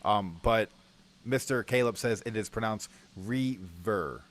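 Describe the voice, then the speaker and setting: A man's voice: lowish voice, fairly even intonation, moderate pace. A man co-hosting a casual comic book review chat, laid-back and slangy, laughing often.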